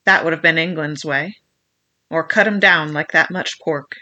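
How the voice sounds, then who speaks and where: A reader doing Long John Silver, gruff scheming pirate. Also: mid-range voice, normal speed, bright, forceful tone, dull audio. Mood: menacing. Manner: gruff, persuasive, menacing. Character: ruthless scheming old male pirate cook. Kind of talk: audiobook reading.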